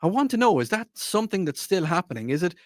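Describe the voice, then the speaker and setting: A man's voice: high voice, sing-song, fast, dry recording, clean studio sound. A man hosting a radio talk show, telling stories from his working life in a rambling way with many restarts and asking listeners to call in. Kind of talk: casual radio chat.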